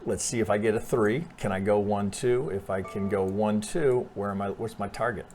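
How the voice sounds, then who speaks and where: A man's voice: fairly low pitch, fairly even intonation, moderate pace, a little mellow, faint music behind. Blunt man thinking aloud over charts. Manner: thinks aloud with many restarts and rhetorical "right?"; blunt, swears freely. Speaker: trading analyst. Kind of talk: casual chart analysis over screen share.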